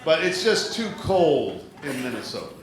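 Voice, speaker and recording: A man doing a stand-up comedy set on a theater stage, chatty and jokey, slipping into quick voice impressions. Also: fairly high pitch, very animated. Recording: very echoey live club recording, loud crowd. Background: audience laughter.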